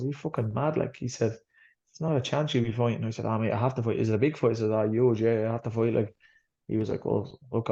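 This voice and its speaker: A quick, rambling Irish man with a gravelly, dark voice tells his story bluntly, swearing as he goes. The recording sounds slightly dull and lo-fi. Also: mid-range voice. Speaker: boxer, guest. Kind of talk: candid interview storytelling.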